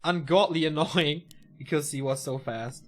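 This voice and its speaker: A man's voice: on the high side, normal speed, fairly bright tone, slight background noise. A man casting a strategy game match alone, calling the play and joking between calls. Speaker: esports caster. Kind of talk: solo play-by-play game commentary.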